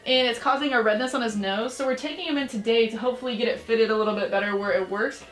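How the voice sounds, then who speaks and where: A woman's voice: on the high side, quick pace, fairly bright tone, soft background music. A young woman chatting casually in a rambling vlog from her bedroom, talking as a mom with lots of fillers. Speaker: mom vlogger. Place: bedroom, lying in bed.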